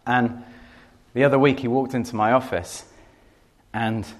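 Steady in tone and unhurried, this medium-pitched male speaker delivers a sermon-style teaching built around a personal story. He is earnest, repeats words for stress, and laughs at points.

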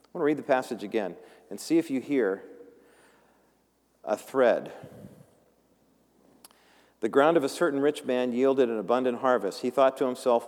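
Casting: male pastor, sermon delivery, lively and theatrical, church reverb. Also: mid-range voice, moderate pace, pauses often. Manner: animated, acts out voices of characters. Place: church sanctuary.

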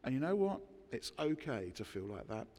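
A man preaching a sermon, emphatic, with dramatic pauses between words. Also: medium pitch, sing-song, warm tone, big-room sound. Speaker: pastor. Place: church.

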